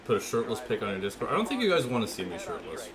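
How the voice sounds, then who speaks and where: A man's voice: lowish voice, wildly swooping pitch, crowd noise. Chatty young man streaming a racing game. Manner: chatty, joking with chat, quick asides. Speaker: gaming streamer. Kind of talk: live stream chat and play-by-play. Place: home room. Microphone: desk mic with webcam.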